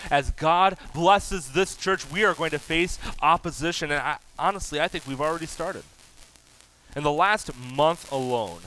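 A man preaching a sermon as pastor, animated, rising loud for emphasis. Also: fairly high pitch, low-quality recording.

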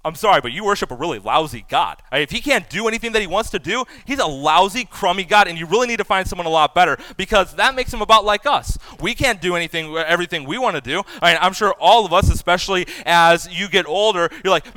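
Man, 30s, pastor mid-sermon: high, clear voice, animated, self-deprecating, acts out quotes loudly. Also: quick pace, hardly any pauses, no room sound.

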